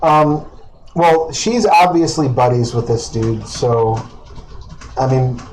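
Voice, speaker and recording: A man playing in a tabletop role-playing game, talking in a laid-back, halting way with easy chuckles. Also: medium pitch, fairly even intonation, background noise. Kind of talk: casual in-character game talk.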